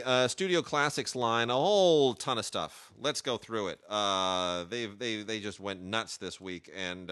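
A man's voice: lowish voice, pushed and bright, clear, resonant tone, dry recording, studio quality. A man hosting a show, chatting casually and eagerly about film releases, with frequent hesitations and restarts. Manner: enthusiastic, with many hesitations and restarts. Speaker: podcast host reviewing film releases. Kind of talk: casual chat.

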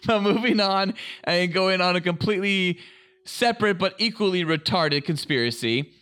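Young male podcast co-host, crude and jokey, leads the chat; bright tone, a bit high. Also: normal speed, clear, resonant tone. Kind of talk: casual podcast banter.

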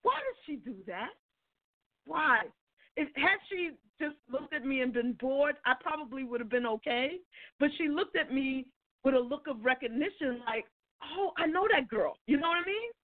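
A woman co-hosting a talk show, telling a story in a casual, animated, self-mocking way and laughing often. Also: sits high, normal speed, phone-quality sound. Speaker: co-host.

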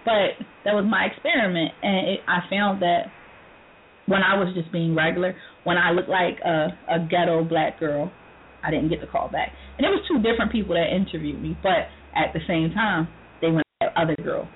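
Woman talk-radio host, lively storyteller who laughs a lot and mimics others; phone-line sound with light noise. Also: lowish voice, a little fast. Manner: animated storytelling, laughs often, acts out quoted voices. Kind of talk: casual talk radio chat.

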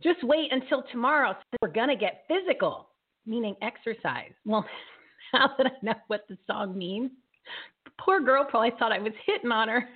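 A woman in her late forties hosting a live show, chatty and excitable, laughing often. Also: on the high side, normal speed, breathy edge. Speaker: host. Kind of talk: casual live show chat. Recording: tinny phone-like line.

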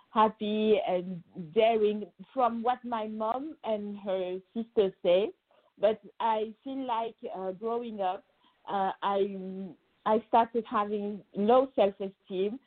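A woman's voice: medium pitch, slow pace. Hesitant French-speaking woman on a tinny line. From Senegal. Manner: hesitant, with many ums and repeated words, laughs easily. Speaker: guest. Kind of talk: podcast interview.

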